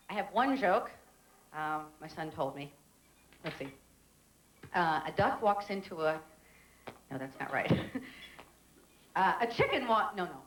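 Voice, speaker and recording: A woman's voice: mid-range voice, a bit bright, a little hiss or hum. An actress playing a middle-aged woman in a soap opera, hesitant and joking as she tries amateur stand-up. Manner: hesitant, with ums and laughs on stage. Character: flustered, witty woman trying amateur stand-up. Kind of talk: 1990s daytime soap acting. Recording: echoey room with music behind.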